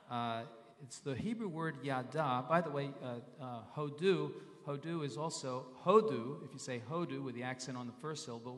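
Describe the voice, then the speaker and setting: A male pastor preaches a sermon in an easy, conversational way. He often repeats himself and carefully sounds out Hebrew and Greek words. His mid-pitched voice carries a long reverb from a large hall.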